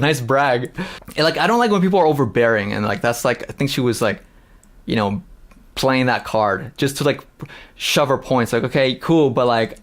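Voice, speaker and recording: A man hosting a live stream, talking casually with lots of fillers, restarts and swearing. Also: medium pitch. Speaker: streamer host.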